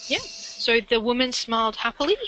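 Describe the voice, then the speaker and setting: A woman's voice: fairly high pitch, expressive, normal speed, bright, forceful tone, no echo, poor audio. A woman tutoring a learner in literacy, explaining grammar step by step and encouraging them. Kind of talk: one-on-one literacy lesson.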